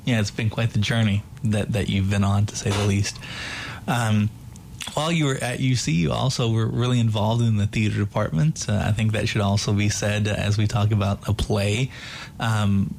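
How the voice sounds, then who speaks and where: A man in his thirties hosting a casual interview, asking questions in a relaxed way. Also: on the low side, moderate pace, gravelly, slight background noise. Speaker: interview host.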